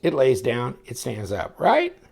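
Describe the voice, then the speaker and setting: A man with a gravelly, fry-laden voice talks through a knife review in a loose, rambling way. He gets excitable and his pitch jumps around constantly as he shows the knife to his viewers. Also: unhurried. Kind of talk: casual product review.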